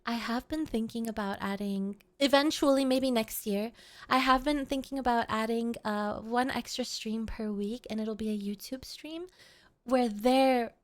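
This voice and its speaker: A woman's voice: on the high side, measured pace. A woman streamer chatting casually with her viewers at home, playful, giggly and rambling. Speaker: VTuber streamer. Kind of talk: casual livestream chat.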